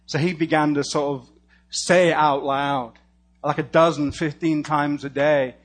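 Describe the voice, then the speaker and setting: A man preaching a storytelling sermon and praying aloud, animated and humorous, dropping to a hush and rising loud again. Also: on the high side, measured pace. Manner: animated storyteller with sudden shifts between hushed and loud; casual and humorous, laughs at his own lines. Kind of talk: storytelling sermon and spoken prayer.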